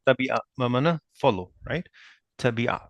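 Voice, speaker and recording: A man teaching Arabic grammar in a patient, repetitive way, often checking with "right?" and spelling out verb forms slowly. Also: mid-range voice, dull audio, noisy background. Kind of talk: online grammar lesson.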